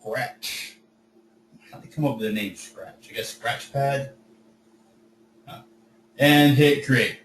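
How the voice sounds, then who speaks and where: A man teaching an online coding class in a relaxed, chatty, jokey way, his voice starting to go hoarse. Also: mid-range voice, measured pace, pauses often, reverberant, distant mic, slight background noise, low-quality recording. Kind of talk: casual teaching over video call.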